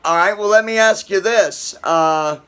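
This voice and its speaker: High-pitched guy hosting his channel, lots of uh pauses, laid back. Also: fairly bright tone, a little hiss or hum. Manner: halting, many filler pauses. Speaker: host. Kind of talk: casual chat.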